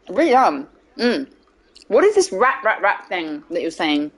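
A woman's voice: medium pitch, very animated, normal speed. Young woman streaming a game, joking around, laughs a lot, swears casually. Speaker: streamer playing a video game. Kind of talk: casual live-stream chat.

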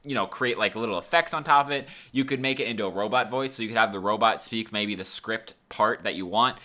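Laid-back man hosting a software tutorial. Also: on the low side. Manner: laid-back, rambling with fillers. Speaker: tutorial host. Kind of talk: casual screen-recorded software tutorial.

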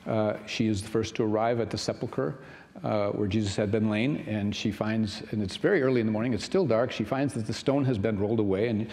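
A man's voice: fairly low pitch, a little fast, darkish tone. A male pastor retelling a scripture story in a loose, conversational sermon, full of fillers and asides. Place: large church sanctuary. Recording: long church hall reverb.

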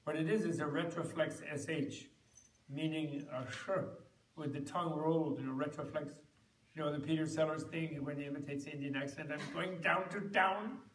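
A man teaching at a meditation retreat, telling stories in a rambling, halting way with many restarts. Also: fairly high pitch, flat delivery, a little hiss or hum. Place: retreat center hall. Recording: roomy hall, recorded from far off.

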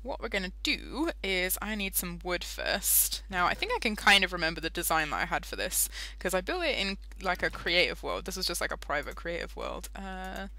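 A woman's voice: fairly low pitch, very animated, moderate pace, few pauses, pushed and bright. A young British woman giving casual, giggly commentary while playing Minecraft, easily sidetracked. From Britain. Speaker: Minecraft let's-play host.

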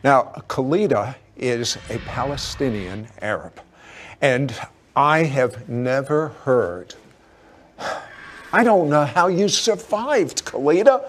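Animated male talk show host. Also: medium pitch, slow pace, a little hiss or hum. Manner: animated, exclaiming storyteller with laughs. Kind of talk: hosting a Christian TV talk show.

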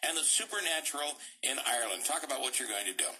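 A male radio host leads a friendly interview. His voice is bright and mid-pitched, and he talks eagerly, pausing and restarting as he goes. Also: lively intonation, poor audio. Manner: eager, halting with frequent fillers.

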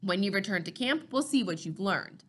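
A woman's voice: mid-range voice, expressive, moderate pace, a bit bright. A woman reading the lines of a grave, firm older man in a storybook.

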